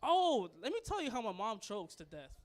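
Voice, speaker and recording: A man's voice: very high-pitched, sing-song, moderate pace. A young man doing a stand-up comedy set, loose and crude, rambling and laughing at his own jokes. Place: comedy club stage.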